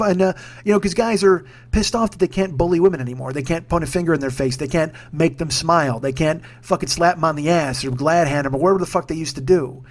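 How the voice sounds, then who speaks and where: Guy ranting at home, swears a ton, keeps restarting sentences, kinda high voice. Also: fast talker. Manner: profane, ranting, many restarts. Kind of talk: casual monologue. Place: home room with armchair.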